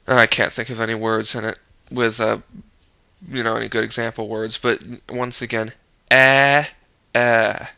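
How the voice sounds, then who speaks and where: Young man, casual pronunciation lesson, hesitant and searching for words, bright crisp voice, dry close sound. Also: on the low side, no room sound. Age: young adult. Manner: hesitant, searching for explanations, demonstrates sounds repeatedly. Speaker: language tutor.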